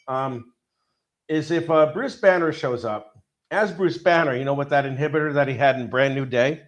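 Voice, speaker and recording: A man's voice: mid-range voice, normal speed. A man in casual podcast chat, rambling and swearing as he retells a story and acts out the quotes. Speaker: podcast co-host.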